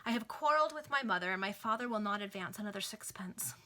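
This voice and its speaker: A woman's voice: mid-range voice, lively intonation, fast, bright, forceful tone. Woman reading as a pleading Victorian lady. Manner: pleading and emphatic. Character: distressed aristocratic lady, proud and impatient.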